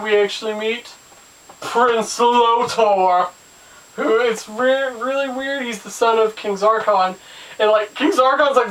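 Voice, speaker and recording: A man's voice: sits high, a bit bright. Chatty guy doing a cartoon review, jokey asides, mic sounds kinda far off. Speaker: show host and reviewer. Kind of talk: casual video review.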